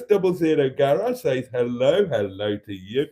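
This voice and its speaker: A man's voice: mid-range voice, very animated, moderate pace, hardly any pauses, mellow. A man hosting a live stream, reading out viewer comments in a camp, theatrical way and calling everyone darling.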